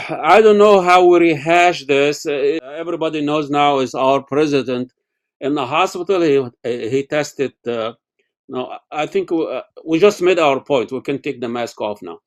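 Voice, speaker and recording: A man hosting a casual interview over a video call, talking haltingly with many fillers and restarts. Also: a little high. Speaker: interview host.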